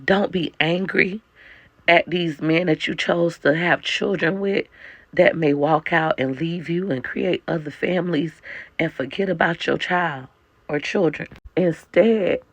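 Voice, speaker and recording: Speaking at a measured pace in a fairly low voice, recorded dry, a woman talks straight to camera as a mother. Her life advice comes across emphatic, heartfelt and blunt in this candid personal monologue.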